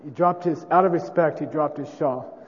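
A man's voice: a little high, moderate pace, big-room sound, highs cut off. A man teaching a class casually, often checking with "okay?" and demonstrating chants aloud.

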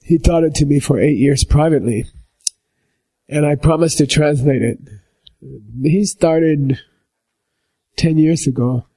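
Slow, husky-voiced man teaching meditation. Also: fairly high pitch, dark tone. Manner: keeps checking in with "okay?" and homely examples. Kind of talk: slow explanatory teaching talk.

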